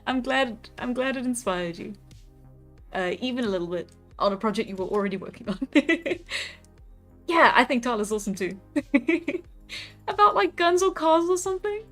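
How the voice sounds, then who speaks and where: A young woman chats casually with her viewers while drawing on a livestream, laughing often. Her voice is a little high and fairly bright, animated, at a moderate pace, and she's giggly and talkative, frequently laughing and restarting her sentences. Faint music plays in the background.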